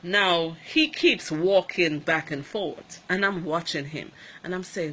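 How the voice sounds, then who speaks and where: Antiguan woman nurse telling her story; bright, forceful tone, emphatic and animated. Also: on the low side, takes it slowly, slight background noise. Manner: animated, emphatic, acts out the dialogue. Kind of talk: emotional personal account.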